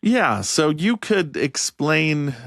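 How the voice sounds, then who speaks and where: A man's voice: a little high, big pitch swings, takes it slowly, vocal fry, a bit bright, no room sound. Man co-hosting a podcast, dry close sound. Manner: amused, laughs easily while explaining. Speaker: podcast co-host. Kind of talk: casual history discussion.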